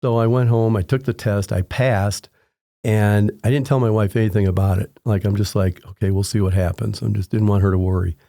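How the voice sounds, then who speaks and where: A man in his sixties, a home inspector appearing as a podcast guest, tells long anecdotes in a casual interview, rambling with frequent restarts and acting out quoted people in raised voices. His fairly low voice is creaky and warm with fairly even intonation and a slightly fast pace. The sound is studio quality with no room sound.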